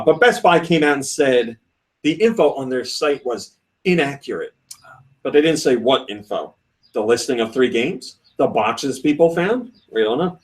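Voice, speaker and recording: A man hosting a casual podcast, reading listener comments and retelling stories in an animated way, often laughing. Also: mid-range voice, distant mic. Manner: animated storytelling with frequent laughs; reads listener comments aloud. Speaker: podcast host.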